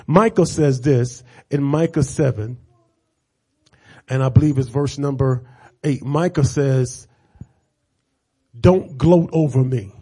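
A middle-aged male preacher delivering a sermon, moving from casual asides to fervent, repeated call-and-response shouting. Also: mid-range voice, slow, long pauses, husky. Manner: repeats phrases for emphasis, casual conversational asides.

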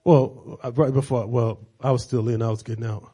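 A middle-aged male preacher delivering a sermon, moving from casual asides to fervent, repeated call-and-response shouting. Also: mid-range voice, steady tone, brisk, husky. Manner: repeats phrases for emphasis, casual conversational asides.

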